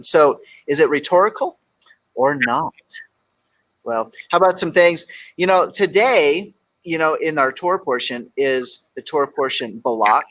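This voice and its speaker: A man's voice: on the high side, a bit bright. A middle-aged man from Texas hosting a talk show, joking around and reading quotes aloud with emphasis. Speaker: radio show host. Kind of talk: casual talk show banter.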